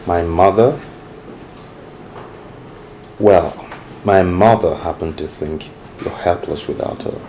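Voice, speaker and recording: An actor with a Nigerian accent playing a stern, self-assured brother who lectures in a measured way. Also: male voice, low-pitched, mellow, a little hiss or hum. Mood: lecturing. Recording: echoey room with film music.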